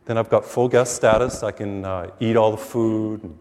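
Lively priest preaching in an echoing church. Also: male voice, fairly low pitch, moderate pace. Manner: lively, acts out dialogue in his stories. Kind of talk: sermon with storytelling. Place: church, taped for TV. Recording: long reverb of a church hall.

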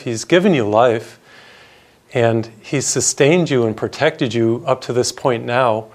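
A middle-aged man, a priest, preaching a radio sermon in an earnest storytelling way, repeating phrases for emphasis. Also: medium pitch.

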